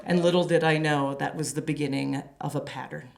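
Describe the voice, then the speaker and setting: A woman telling a personal story on a small theater stage, lively and acting out her own dialogue. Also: fairly quick, vocal fry, very noisy. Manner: animated, acts out dialogue in a high excited voice. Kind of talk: live storytelling.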